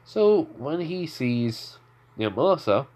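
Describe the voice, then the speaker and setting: A man's voice: a little high, sing-song, unhurried, darkish tone. Young man, fan story narrator, rambling, filler-heavy. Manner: rambling, many fillers and restarts.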